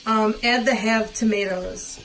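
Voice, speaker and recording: Calm woman reading recipe steps. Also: medium pitch, measured pace, soft background music, low-quality recording. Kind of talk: casual kitchen chat. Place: home kitchen.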